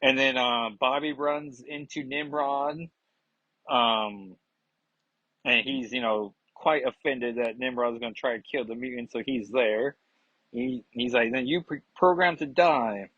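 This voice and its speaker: A man's voice: medium pitch, fairly even intonation, measured pace, pushed and bright, no echo, lo-fi sound. A man reviewing comics in casual chat, rambling and digressive with many fillers.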